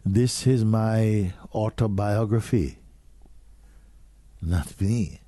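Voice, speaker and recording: Low mellow guy, husky, spiritual talk, slow and questioning, dry sound. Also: no echo. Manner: slow, questioning, drops to a near whisper. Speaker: spiritual teacher.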